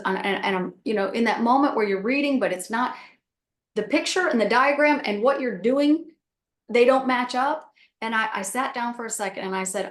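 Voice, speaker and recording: A woman's voice: fairly high pitch, a little fast. A woman guest on a call giving a casual spiritual teaching, repeating her phrases and acting out little self-talk examples. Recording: roomy echo.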